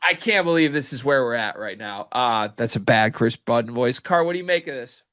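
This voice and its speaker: A man hosting a casual sports podcast with a middle-pitched voice. He rambles with an emphatic, incredulous manner. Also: lively intonation, a little fast, sharp tone.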